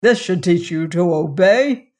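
Storyteller doing a stern fairy-tale master, slow and loud, threatening — storybook reading. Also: medium pitch, expressive. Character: stern, harsh male master, grown man.

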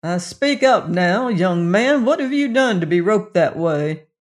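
A narrator voicing a laconic, steely gunfighter who speaks in a low, slow drawl in a western audiobook story. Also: animated, lightly acted. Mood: steely calm. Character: laconic cold gunman rider, calm and steely.

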